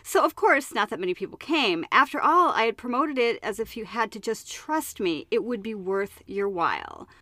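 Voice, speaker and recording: A woman's voice: fairly high pitch, lively intonation, normal speed, few pauses, bright, forceful tone, no room sound. A woman hosting a solo podcast, bubbly and playfully profane, reading a passage aloud and riffing on it. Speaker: podcast host. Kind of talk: solo podcast monologue with a read-aloud excerpt.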